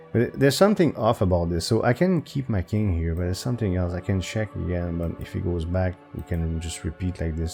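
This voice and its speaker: A man thinking aloud while solving chess puzzles for his channel, hesitant and full of restarts. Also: a little mellow. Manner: hesitant, self-talking with restarts and pitch jumps. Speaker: chess video creator.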